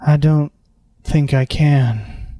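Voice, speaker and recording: A man voicing a faceless male spirit who is fading away, speaking in a slow, resigned way. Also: a little high, dark tone, no echo.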